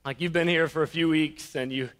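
A young man preaching a conversational sermon, telling stories with a self-deprecating, laughing, animated delivery. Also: a little high, brisk. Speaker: pastor.

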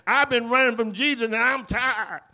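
A Southern-accented male pastor preaches in a church sanctuary, his voice high and bright with a forceful edge. He acts out scripture dialogue and swings between loud cries and hushed, low lines. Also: normal speed, gravelly. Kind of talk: sermon.

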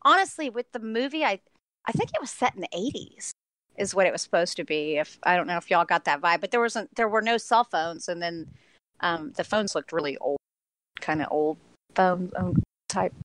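A woman's voice: fairly low pitch, animated, moderate pace, a bit bright, no room sound. Gushing woman film reviewer, dry sound. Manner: enthusiastic, gushing, frequent laughter. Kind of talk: casual podcast chat.

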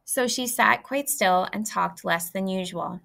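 A woman reading a children's book aloud in a clear, lively way. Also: mid-range voice, measured pace. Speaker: reader. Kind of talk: storybook read-aloud.

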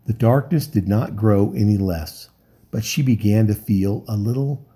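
Warm, husky male storyteller. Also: lowish voice, measured pace. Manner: calm, steady narration. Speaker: volunteer reader. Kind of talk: storybook reading aloud.

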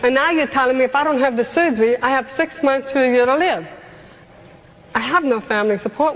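High-voiced middle-aged woman, earnest storyteller. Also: fairly quick, some chatter behind. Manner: earnest storytelling with humorous asides. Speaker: motivational speaker. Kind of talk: motivational talk with comic storytelling.

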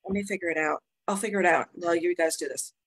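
A woman's voice: fairly low pitch, fast talker, fairly bright tone, husky, no echo. A woman helping with the tech on a live stream, apologetic and flustered.

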